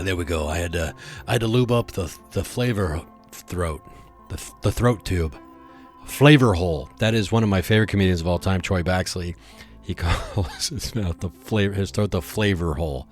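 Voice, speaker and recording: A man's voice: deep voice, normal speed, faint music behind. A man hosting a podcast, talking in a rambling, jokey yet earnest casual monologue. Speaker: podcast host.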